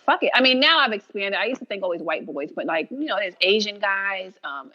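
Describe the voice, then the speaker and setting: Animated woman telling a story. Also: medium pitch, fairly quick, dull audio. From New York. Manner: animated storyteller acting out quotes, laughing often. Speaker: creator and writer, guest. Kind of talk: casual podcast interview.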